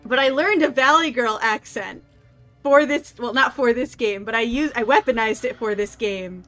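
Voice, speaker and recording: A woman's voice: a little high, normal speed, a bit bright, faint music behind. A woman streamer chatting casually and rambling with jokes while playing a game. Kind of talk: casual gameplay commentary.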